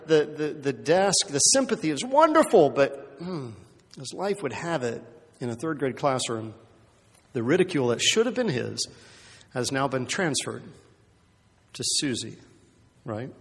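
A man's voice: mid-range voice, sing-song, a little slow, long pauses, breathy edge. A man preaching a sermon in a conversational storytelling way, often checking in with the listeners and repeating words as he goes. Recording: long hall reverb.

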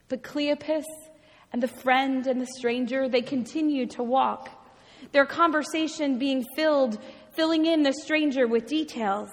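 A woman preaching a sermon, telling a story expressively with dramatic pauses and repetition. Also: high voice. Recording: long reverb from a large hall.

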